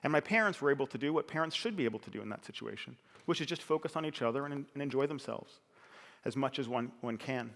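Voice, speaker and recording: A man's voice: medium pitch, lively intonation, fast, creaky, fairly bright tone. A middle-aged man giving a conversational, earnest personal story as a speaker on stage. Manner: earnest, conversational, with fillers and restarts. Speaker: speaker at a talk. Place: large hall on a stage. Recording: reverberant hall.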